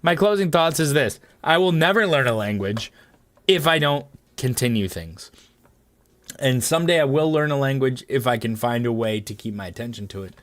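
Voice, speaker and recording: A man's voice: a bit bright, dry recording. Goofy joking young male streamer. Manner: joking, goofy, breaks into silly high voices. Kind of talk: casual live-stream chat.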